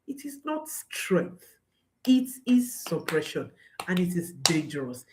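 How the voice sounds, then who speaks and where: A woman coaching parents straight to camera, speaking slowly and with a lot of rise and fall in her pitch. She is earnest and emphatic, and she comes back to her key phrases again and again. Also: big pitch swings, noisy background. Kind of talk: direct-to-camera parenting talk.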